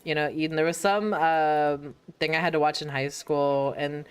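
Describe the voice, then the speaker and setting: A woman's voice: sits low, fairly even intonation, moderate pace, clear, resonant tone. A woman streaming a game, chatting casually and playfully, laughing often and swearing now and then. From United States. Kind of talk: casual gameplay chat.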